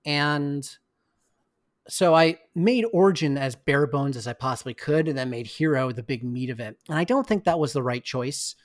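A man's voice: on the high side, moderate pace, no room sound, clean studio sound. A man being interviewed as a guest on a podcast, speaking candidly and reflectively. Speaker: game designer guest. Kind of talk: casual interview talk.

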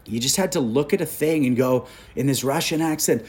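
A man in his forties from Canada tells stories as an interview guest. His voice sits at a middle pitch, and he talks in an animated, candid way. The talk stays loose and conversational. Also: a little fast. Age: 40s. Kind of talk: casual storytelling conversation.

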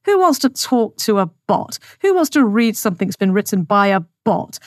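A woman's voice: mid-range voice, lively intonation, a little fast, few pauses, no echo. A woman rants through her podcast monologue, sarcastic and scornful, hammering home her points by repeating them. Her voice sits in an ordinary middle register and is recorded close and dry, with no room sound at all. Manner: scornful, sarcastic, emphatic repetition. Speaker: podcast host. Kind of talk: opinionated monologue.

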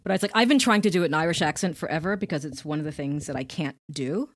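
Middle-aged woman author guest; low-ish pitch, relaxed anecdotal delivery, dry sound. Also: fast talker, no room sound. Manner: relaxed storytelling, trailing off and laughing. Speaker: guest, novelist and actor. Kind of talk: casual interview chat.

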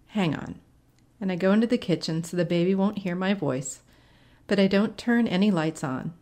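A woman's voice: medium pitch, a little mellow. A woman narrating a first-person short story in a conversational, wry storytelling manner. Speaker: story reader.

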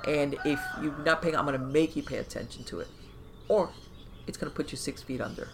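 A woman podcast host giving conversational advice, animated and talking in loose run-on phrases full of fillers, often acting out inner voices. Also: sits low, brisk, noisy background. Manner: animated, acts out inner voices and quoted thoughts.

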